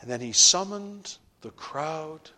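A man preaching a sermon, swinging from hushed whispers to loud, fervent climaxes with slow, deliberate phrasing. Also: on the high side, animated.

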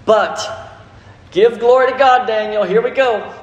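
Pastor, drawl, middle-aged man, high tenor voice, storytelling sermon in a big reverberant church. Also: measured pace, highs cut off. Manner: storytelling, animated preaching with acted quotes. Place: large church hall. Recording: echoey hall, faint ambience.

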